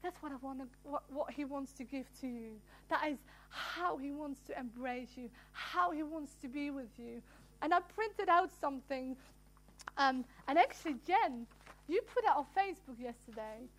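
A woman leading a prayer group, earnestly sharing and reading a devotional passage aloud, gentle and halting. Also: sits high, expressive.

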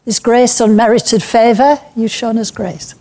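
A woman's voice: fairly high pitch, fairly even intonation, measured pace, warm tone. A woman giving an informal, anecdotal talk to a church group. She speaks in a chatty way, with plenty of fillers and light laughter. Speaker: speaker at a church breakout session.

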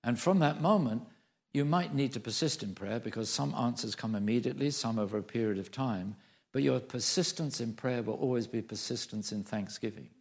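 A man's voice: medium pitch, a little fast, vocal fry. A man preaching a sermon, emphatic, repeating phrases for stress and asking the congregation questions.

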